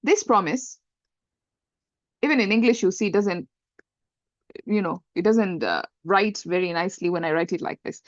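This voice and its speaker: A woman's voice: medium pitch, normal speed, pauses often, no room sound, dull audio. A woman teaching an Arabic grammar lesson, patiently explaining step by step and often checking with "right?". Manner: patient, repeats points, checks understanding with "right?".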